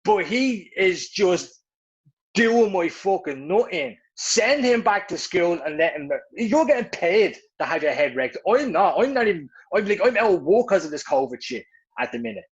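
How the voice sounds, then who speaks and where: Rambling Irish man, husky voice. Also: high-pitched, sing-song, moderate pace. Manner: rambling, restarts, laughs at himself. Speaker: podcast co-host. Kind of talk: casual chat. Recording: dull lo-fi sound.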